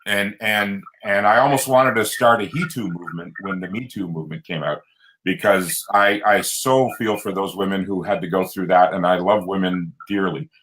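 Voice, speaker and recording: Middle-aged guy, lowish voice, earnest guest telling his story, pitch shoots up on the big points. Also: moderate pace, rough recording. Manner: earnest, animated, pitch jumps high for emphasis. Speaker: guest, coach and speaker. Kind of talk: candid personal storytelling.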